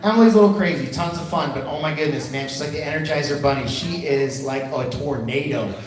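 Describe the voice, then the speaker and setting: A playful, animated man tells stories to a room full of schoolchildren, his voice a bit higher than most men's. He is picked up from a distance in a very echoey hall, with the crowd of kids clearly audible around him. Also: fairly quick. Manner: animated and playful, addresses kids casually as friends. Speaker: children's musician speaking at a school assembly. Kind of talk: storytelling motivational talk to children.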